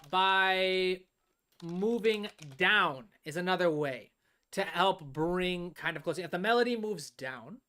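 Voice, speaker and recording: A woman's voice: medium pitch, pushed and bright. Woman explaining music theory on a live stream. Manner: explanatory, stretches words while thinking, checks in with "all right?". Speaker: music composition teacher.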